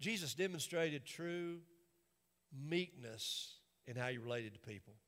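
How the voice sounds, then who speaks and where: A man's voice: mid-range voice, animated, a little slow, a bit bright. A man preaching a sermon in a church, with an emphatic, repetitive cadence. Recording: long reverb of a large hall.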